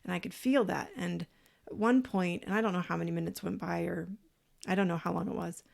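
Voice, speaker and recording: A woman co-hosting a podcast, telling a personal story in a casual, animated way, acting out what people said and swearing freely. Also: fairly low pitch, brisk, creaky. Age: parent, adult. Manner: animated, acts out quoted voices. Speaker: podcast co-host.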